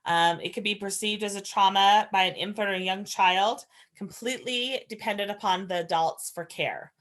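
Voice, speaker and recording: A woman's voice: mid-range voice, normal speed, a bit bright. A woman giving an earnest, conversational training lecture as a foster parent trainer, explaining ideas and sharing stories from her own home.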